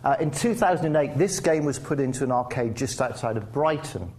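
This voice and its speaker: A man's voice: medium pitch, lively intonation, a little fast, darkish tone. A man from England giving a conversational public lecture with wry asides and frequent restarts. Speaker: guest speaker. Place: lecture theatre. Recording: faint background noise in a lecture hall.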